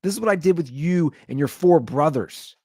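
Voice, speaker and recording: Animated man ranting on his podcast. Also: normal speed, no echo, clean studio sound. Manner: animated storytelling, frequent high-pitched quoted voices. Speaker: podcast host. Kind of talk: casual comedic rant.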